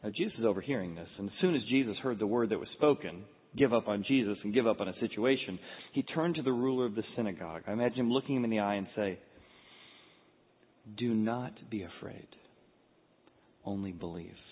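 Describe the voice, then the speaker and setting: A man preaching a sermon, retelling the scene dramatically and swinging from hushed tones to loud outbursts. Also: lowish voice, animated, very fast, slightly rough. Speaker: pastor. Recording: echoey hall over a tinny phone-like line.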